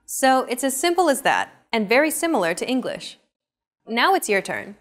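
A woman hosts a scripted language lesson, explaining each step and upbeatly turning questions over to the viewer. Her voice is on the high side, sing-song and a bit bright, at a moderate pace.

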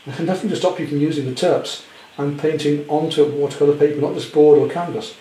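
A man demonstrating a painting at home, chatty with gentle self-deprecating humour. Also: a little high, brisk, roomy sound, slight background noise, poor audio. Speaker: art teacher. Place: indoor studio at home.

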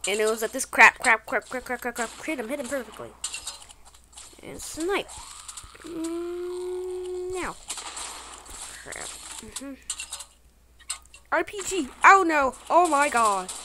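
A woman giving excitable, slangy commentary over her own gameplay, bursting into exclamations. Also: high-pitched, takes it slowly, pauses often, slight background noise. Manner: playful trolling banter, slangy. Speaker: gaming channel host.

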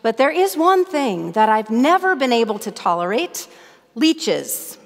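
A middle-aged woman from northern Minnesota preaching a sermon as pastor, telling stories in an earnest, animated way. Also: a little high, measured pace, long reverb tail. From northern Minnesota, USA.

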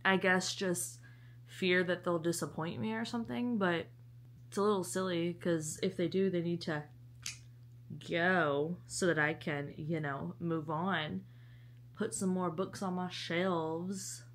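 A woman's voice: fairly low pitch, fairly even intonation, a little slow, slight background noise. A young woman chatting casually in a book vlog, bubbly and talkative, with sweet asides to her dog. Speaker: book vlogger.

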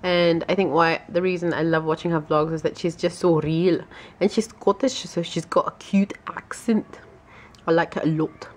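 A woman's voice: lowish voice, fairly even intonation, normal speed. A woman vlogging at home in a casual, bubbly way, laughing often as she talks to the camera. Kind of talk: casual vlog chat. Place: at home, indoors.

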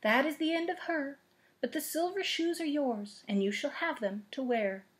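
A woman voicing a kind, gentle little old female witch who speaks solemnly and motherly in a storybook reading. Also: high-pitched, normal speed, pitched above the performer's own voice, close to an everyday voice. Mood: kindly.

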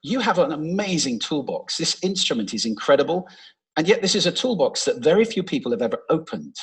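A man giving a public talk on stage, expressive and playful. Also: on the high side, a little fast, breathy edge, rough recording. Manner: expressive, playful, demonstrates voice techniques. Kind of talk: public talk with vocal demonstrations. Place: large stage before an audience. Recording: played from a talk recording.

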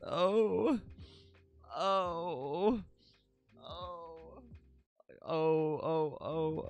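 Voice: mid-range voice, slow pace, faint music behind. A live streamer in casual chat, giggly and goofy, repeating silly words over and over.

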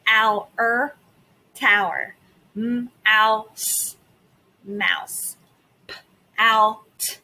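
Woman teacher, phonics lesson for little kids, slow deliberate speech, bright clear tone. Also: fairly high pitch, fairly even intonation. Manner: slow, deliberate enunciation of sounds and words; bright, encouraging classroom tone. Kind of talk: phonics lesson for young children.

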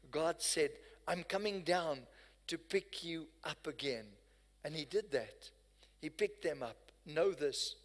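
A man preaches from the pulpit, his fairly high voice carrying through a church hall with a long, ringing reverb. His delivery moves between hushed tenderness and loud, passionate declaration. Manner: impassioned preaching, swinging between soft and loud. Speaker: pastor. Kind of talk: sermon. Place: church sanctuary.

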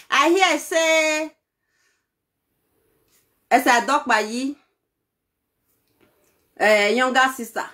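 A woman with a Nigerian accent, telling gossip in a casual vlog and excitedly pleading with her viewers for details. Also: on the high side. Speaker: vlogger.

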